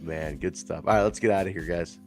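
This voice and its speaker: A man hosting a casual live-stream podcast chat, animated, swearing and joking with his co-host. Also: sits low, fairly quick, soft background music.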